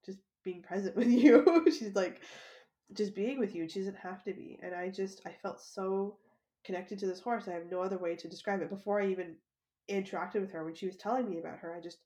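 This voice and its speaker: A woman hosting her own podcast, telling a personal story in a loose, conversational way. Her voice sits at an ordinary, mid-range pitch for a woman. She laughs easily and often and strings her thoughts together with "like" and "um". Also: warm tone. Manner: chatty, laughs often, lots of "like". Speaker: podcast host. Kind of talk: casual storytelling monologue.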